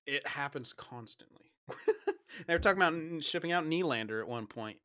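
A man's voice: on the high side, expressive, fairly quick, pushed and bright, no echo, clean studio sound. A man in a casual sports chat, joking around and explaining things at length.

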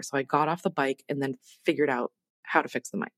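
A woman's voice: low-pitched, a little fast, dry recording. A woman hosting her own podcast, talking casually and chattily in a self-deprecating, rambling way. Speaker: podcast host. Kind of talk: casual solo podcast intro.

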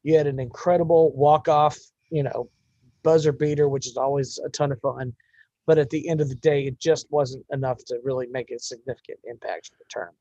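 A man's voice: medium pitch, fairly even intonation, brisk, warm tone, dry recording, dull audio. A young man co-hosting a podcast, chatting casually and teasing his partner. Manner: joking and teasing. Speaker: podcast co-host. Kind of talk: casual chat.

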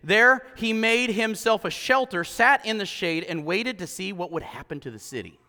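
A male pastor delivers an animated sermon, firing rhetorical questions at his congregation. His voice sits high and bright. It carries with a long echo through a church hall. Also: moderate pace.

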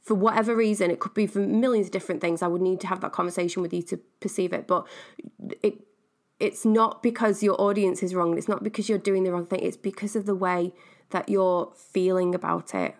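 A woman's voice: mid-range voice, steady tone, a little fast. A woman business coach hosting her own podcast, talking casually and animatedly, laughing often and wandering off on tangents. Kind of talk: casual solo podcast talk.

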